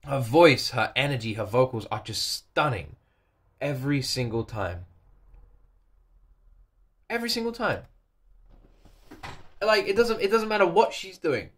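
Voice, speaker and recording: A man's voice: medium pitch, very animated, measured pace, long pauses, a bit bright. A British man from England hosting a reaction video from his attic, tearful and gushing, repeating himself and laughing between words. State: tearful, voice thick with crying. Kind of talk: casual reaction commentary. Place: cold attic at home.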